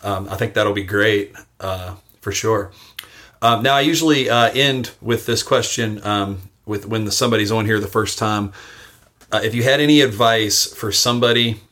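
A man's voice: on the low side, normal speed, fairly bright tone. A man hosting a casual interview podcast, speaking hesitantly with many filler sounds. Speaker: podcast host.

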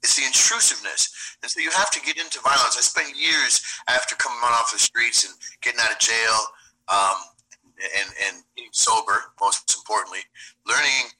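A man's voice: medium pitch, normal speed, sharp tone, low-quality recording. A man talking as a self-defense instructor in a casual interview, blunt, streetwise and profane.

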